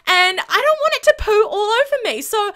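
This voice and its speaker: A woman's voice: very high voice, very animated, moderate pace, fairly bright tone, pitched above the performer's own voice, heavily acted. A woman doing a panicky young Sim dad. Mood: panicked. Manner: frantic, whiny.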